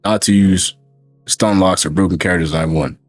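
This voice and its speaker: Man, streamer, husky low voice, emphatic rant, swearing, faint music behind. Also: fairly even intonation, fairly quick. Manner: emphatic, repeats rhetorical questions, swears freely. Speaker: streamer and host. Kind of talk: casual stream chat.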